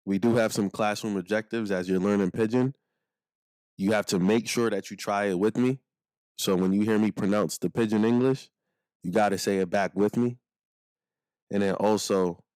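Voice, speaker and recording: A man with a Nigerian accent teaching a casual language lesson, slowing down to say phrases for the listener to repeat. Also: lowish voice, steady tone, a little mellow, no room sound, clean studio sound. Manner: slows down to model phrases for repeating.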